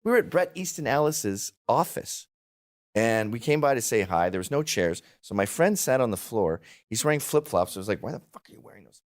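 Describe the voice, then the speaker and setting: Animated, profane middle-aged man telling stories. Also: mid-range voice, normal speed. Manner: animated storyteller, mimics old men in put-on voices; blunt, profane, laughs at own jokes. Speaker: guest. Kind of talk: casual chat.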